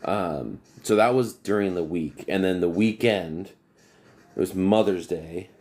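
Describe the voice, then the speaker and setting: A man's voice: deep voice, unhurried, darkish tone. A man who works as an HVAC technician, telling long rambling stories on a casual livestream and breaking off to greet viewers.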